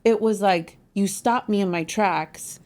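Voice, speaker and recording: A woman's voice: mid-range voice, measured pace, a little mellow. A woman in her thirties co-hosting a faith-based marriage talk, chatting candidly and laughing easily. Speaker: podcast co-host.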